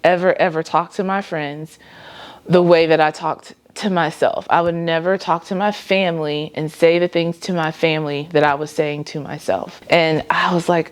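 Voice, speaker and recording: A woman's voice: low voice, fairly even intonation, moderate pace. A young adult woman sharing a faith-based personal vlog, talking in an earnest, reflective way with light laughs between thoughts. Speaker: vlogger.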